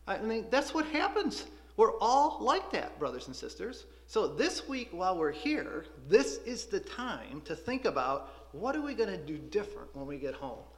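A man teaching a Bible school class, preaching in an animated, conversational way. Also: sits high, moderate pace, hardly any pauses. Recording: echoey room.

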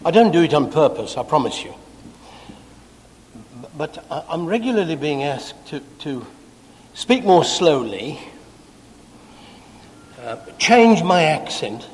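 A man with an English accent giving a Bible class talk to a congregation, self-deprecating and quickening as he gets excited. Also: a little high, a little hiss or hum. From England. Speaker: preacher. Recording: long hall reverb.

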